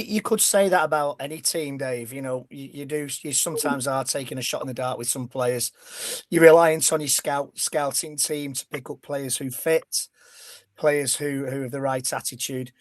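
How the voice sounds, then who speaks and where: A man's voice: fairly high pitch, moderate pace, dry recording. A man giving his view as a pundit on a casual sports chat, stumbling and repeating words before he gets going. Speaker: podcast pundit.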